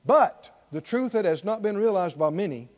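A man preaching a sermon in call-and-response style, building to near shouts. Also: high voice, lively intonation, moderate pace, dull audio.

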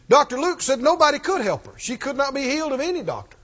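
A man preaches with an unusually high voice that swoops up and down as he hammers the same phrases again and again. He calls on his congregation to say the words back to him. The dull, muffled recording rings with the long reverb of a large hall. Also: big pitch swings, fast, few pauses, fairly bright tone. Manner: emphatic and repetitive, leads call-and-response. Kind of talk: sermon. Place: church.

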